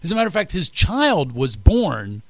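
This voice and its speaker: Gravelly animated comedian telling stories. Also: male voice, fairly high pitch, normal speed, no echo. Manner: animated storyteller, laughs often. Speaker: comedian guest. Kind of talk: radio interview chat.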